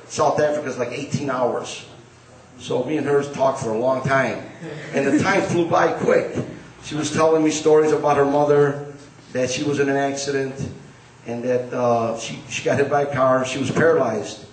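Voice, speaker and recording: A man tells a personal story to a live crowd, rambling and stopping to correct himself along the way. His voice sits at an everyday middle pitch. It is picked up from some way off the mic in an echoey gym, with a faint murmur of the room behind. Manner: rambling, conversational, self-correcting. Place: gym hall at a live event. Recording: roomy hall recording from a distance.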